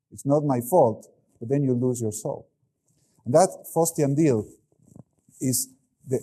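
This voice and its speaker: Brief: middle-aged male keynote speaker, warm mellow tone, animated delivery. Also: mid-range voice. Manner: animated, acts out quoted voices. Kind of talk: keynote lecture.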